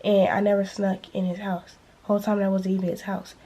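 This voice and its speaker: Young woman vlogger, mellow husky voice, lively slangy storytelling. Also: medium pitch, a little fast. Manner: animated, slangy storytelling, acting out quotes. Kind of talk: storytime vlog.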